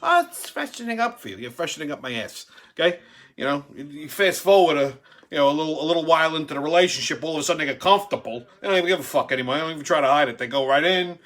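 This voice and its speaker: Rapid-fire delivery marks this foul-mouthed comedic monologue from a host in his forties, who acts out every quote crudely. His voice runs on the high side with a fairly bright tone.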